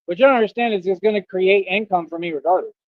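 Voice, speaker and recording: Male streamer, high-pitched swagger, casual slang-heavy monologue, muffled lo-fi audio. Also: fast talker, dry recording. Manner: boastful, swaggering street slang.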